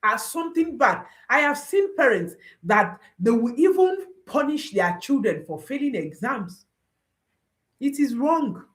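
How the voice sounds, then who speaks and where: A woman coaching parents in a motivational talk, her voice set a little high and swinging widely in pitch. She drives each point home by repeating short phrases as refrains. Her voice rises and drops sharply for emphasis. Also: sing-song, a little slow, few pauses, fairly bright tone.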